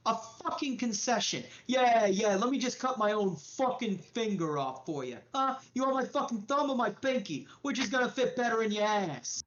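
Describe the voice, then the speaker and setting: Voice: mid-range voice, lo-fi sound, pitched above the performer's own voice, close to an everyday voice. The game master voicing a furious gang boss who rants and swears sarcastically. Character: furious cornered gang boss yelling behind a door.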